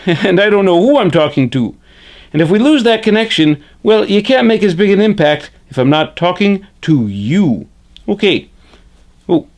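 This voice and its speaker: A man's voice: high-pitched, voice pushed up, full character voice. A man voicing Frederick, a friendly male hand puppet who teaches puppetry basics on camera in a chipper way, often tagging "eh?". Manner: chipper, says "eh?" a lot, slow and deliberate.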